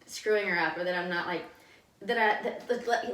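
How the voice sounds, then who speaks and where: A woman in her thirties hosts a casual podcast, rattling along quickly and stuffing her sentences with fillers as she opens up. Her voice sits in a roomy space with a lot of echo. The mic is set back from her. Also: a little high, sing-song, fairly bright tone. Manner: fast, filler-heavy, confessional talk. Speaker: podcast host. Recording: roomy sound, mic at a distance.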